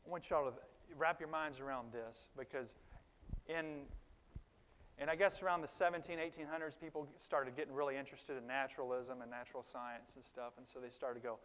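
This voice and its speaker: A man preaching a sermon in a conversational, animated way, with sudden loud emphases and quiet asides to the congregation. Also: medium pitch, brisk, a little hiss or hum. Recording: long reverb of a large hall.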